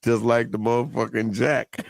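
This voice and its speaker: A man's voice: medium pitch, steady tone, moderate pace, creaky, dry recording, clean studio sound. A man with a Chicago accent on a podcast, telling stories with laughs and cursing. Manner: laughing, profane storytelling. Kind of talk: casual chat.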